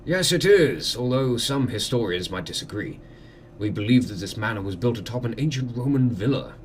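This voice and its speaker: A man voicing a formal male lord of a manor, speaking slowly in a measured, courtly way. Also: medium pitch, expressive, a little hiss or hum, natural voice. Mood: solemn. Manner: slow, measured, courtly speech.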